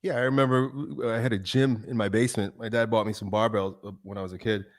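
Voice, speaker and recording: A man's voice: on the low side, fairly even intonation, fast. A man, a fitness video maker, talking as a podcast guest in an earnest, emphatic and preachy way. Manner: emphatic, preachy, builds up to strong statements. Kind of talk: earnest interview conversation.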